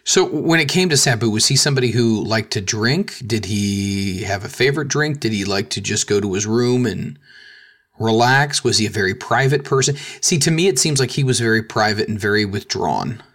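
A man's voice: lowish voice, lively intonation, moderate pace, a bit bright. A man hosting a podcast, asking his co-hosts questions and plugging a book. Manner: asks guests questions, plugs a book. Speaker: podcast host. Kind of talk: casual chat.

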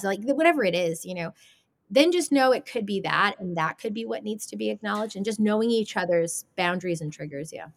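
A woman speaking as a podcast guest, lively and expressive, often acting out tones of voice and laughing as she talks. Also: medium pitch, vocal fry. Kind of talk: conversational podcast discussion.

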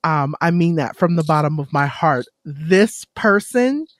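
Effusive woman co-host, warm praise, close dry mic. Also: low-pitched, animated, measured pace, dry recording. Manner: emotional, effusive. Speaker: podcast co-host. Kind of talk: casual chat.

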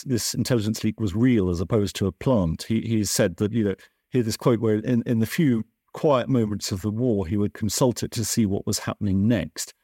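The man's voice is warm and mellow with a breathy edge, yet very animated as he relates wartime history on a conversational podcast. A science journalist and author, he is the guest, and his lively pitch swings come with self-correcting restarts. The audio is close and dry, with no echo.

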